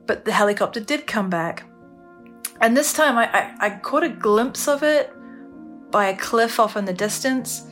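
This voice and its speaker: Woman, podcast testimony, halting speech, emotional, soft music underneath. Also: on the high side, expressive. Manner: halting, emotional, many restarts. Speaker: storyteller recounting her ordeal. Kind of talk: candid first-person podcast testimony.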